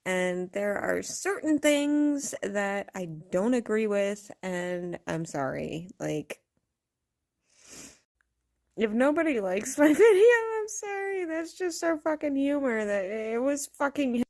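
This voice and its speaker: A woman's voice: on the high side, big pitch swings, slow pace, a little mellow. A woman vlogger ranting casually to camera, blunt and profane, rambling and laughing often.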